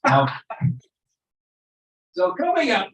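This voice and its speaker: A man's voice: high-pitched, huge pitch swings, very slow, a bit bright, reverberant, recorded from a distance, poor audio. Rambling joking emcee man in his sixties. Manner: rambling, joking, loose asides. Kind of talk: casual stage banter. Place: event venue.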